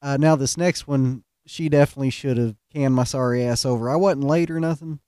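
Male host, relaxed joker, warm tone, dry close recording. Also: medium pitch, brisk, clean tone, dry recording. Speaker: podcast host. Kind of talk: casual storytelling.

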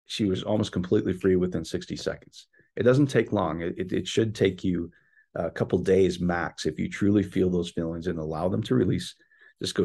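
A man giving an informal, earnest faith talk, speaking directly to his listeners with quick repetitions and restarts. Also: low-pitched, mellow, husky. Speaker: Christian teacher.

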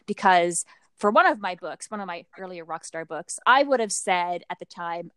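A woman's voice: on the low side, expressive, normal speed, a bit bright, clear, resonant tone, dry recording, clean studio sound. Self-mocking woman author on a podcast. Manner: self-deprecating, acts out quotes. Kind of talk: casual podcast chat.

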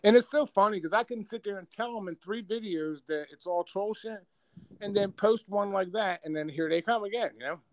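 A man's voice: high-pitched, brisk, no echo. A middle-aged man with a New Jersey accent, talking brashly and with lots of swearing in a casual podcast chat. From Northeast US, New Jersey. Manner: brash, profane, boastful storyteller. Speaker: podcast guest, social media personality.

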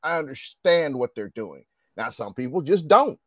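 A man's voice: mid-range voice, very animated, moderate pace, a bit bright, no echo. A man in his forties in casual chat, telling stories with lots of swearing and acting out quoted dialogue.

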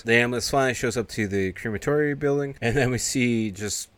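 A man's voice: fairly low pitch, steady tone, fast talker, hardly any pauses, fairly bright tone, dry recording. A man hosting a podcast, retelling a film's plot in a loose, casual way with lots of fillers and swearing. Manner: loose, profane storytelling with frequent fillers. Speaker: podcast host. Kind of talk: casual movie plot recap.

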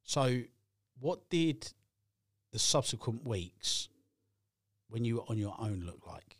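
A male host leading a live-streamed interview with gentle, caring questions. His voice sits in a mid range and is recorded close and dry, with no room sound. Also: mid-range voice, animated, takes it slowly, slightly rough, dry recording.

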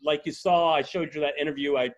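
A man's voice: a little high, fairly even intonation, quick pace, highs cut off. Hesitant male interview host. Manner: warm, hesitant, with many fillers. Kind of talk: casual interview.

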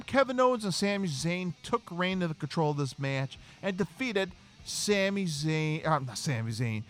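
A man hosting a casual wrestling review podcast, animated and acting out quotes. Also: a little high. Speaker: podcast host.

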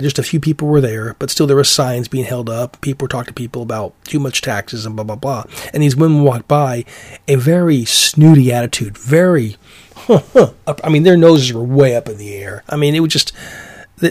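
Man, rambling opinion monologue, plenty of restarts, mid-pitched voice, dry close sound. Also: a little mellow, no room sound. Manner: rambling, many restarts and fillers. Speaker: commentary podcast host.

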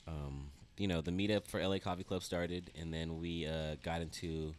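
Very low-voiced man, hesitant. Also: steady tone, moderate pace. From America. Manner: hesitant, many fillers. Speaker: guest, coffee business owner. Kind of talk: casual podcast chat while gaming.

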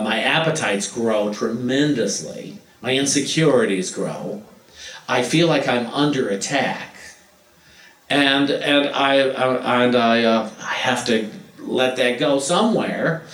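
A man's voice: medium pitch, a bit bright. Earnest man giving a roomy spiritual talk. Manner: earnest, playful, acts out quotes. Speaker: spiritual speaker. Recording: roomy, distant mic.

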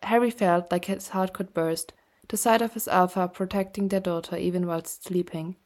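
A woman reading a fan fiction story aloud as scripted narration, in a gentle, steady storytelling manner. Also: on the low side, moderate pace. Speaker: podfic reader.

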